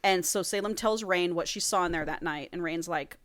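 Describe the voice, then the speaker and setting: A woman on a casual podcast tells a story in an animated, profane way, slipping into the characters' lines as she goes. Her voice sits a little low for a woman. She moves between a chatty recap and a steadier read-aloud. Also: moderate pace, hardly any pauses, no room sound. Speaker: podcast co-host.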